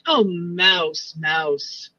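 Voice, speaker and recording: A man cracking deadpan jokes and teasing in a casual comedic chat, recorded with a dull lo-fi sound. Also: high voice, extremely slow, no room sound. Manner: deadpan joke-teller, teasing.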